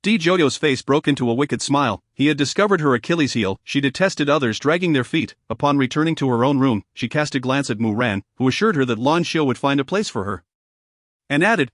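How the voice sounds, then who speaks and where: A man narrating a fantasy story in an even, formal reading style. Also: mid-range voice, a little fast, no room sound, clean studio sound.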